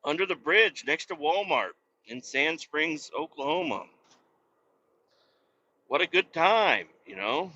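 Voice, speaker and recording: A man's voice: fairly high pitch, sing-song, slow, pauses often, bright, forceful tone, a little hiss or hum. A man, a truck driver and podcast host, ranting profanely and mockingly while driving, recorded in his truck cab with dull, lo-fi sound.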